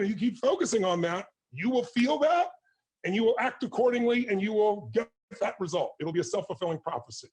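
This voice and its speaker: A man's voice: high-pitched, expressive, a little fast, darkish tone, slightly rough. A man giving an intense, passionate motivational talk, speaking with full force to an interviewer and audience.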